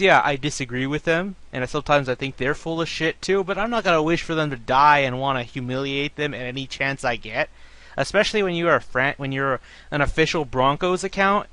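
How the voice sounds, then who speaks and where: Guy ranting about football fans, bright tense voice, kinda high, swears a lot. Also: smooth, dry recording. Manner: ranting, profane, animated. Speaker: podcast host. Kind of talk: casual sports talk.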